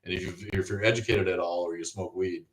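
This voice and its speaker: A man co-hosting a casual livestream chat, animated, joking and swearing freely. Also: sits low, fast, echoey room, recorded from a distance. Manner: animated, profane, jokey. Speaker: podcast co-host. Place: garage.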